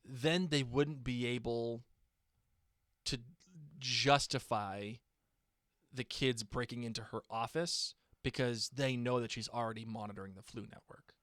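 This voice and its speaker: A man's voice: mid-range voice, steady tone, unhurried, a bit bright, no echo, clean studio sound. A man co-hosting a podcast in casual chat, reading listener emails aloud. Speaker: podcast co-host.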